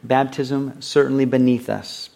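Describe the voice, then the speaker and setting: A man's voice: medium pitch, little pitch movement, unhurried, gravelly, dark tone. Conversational male pastor preaching. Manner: conversational, acts out quoted voices; reads scripture aloud. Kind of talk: sermon.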